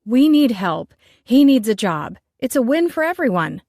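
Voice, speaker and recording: A woman voicing a fierce, stubborn woman chef who talks loud and insistent. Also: a little high, big pitch swings, moderate pace, dry recording, studio quality, pitched above the performer's own voice. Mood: combative. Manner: loud, insistent, sharp retorts.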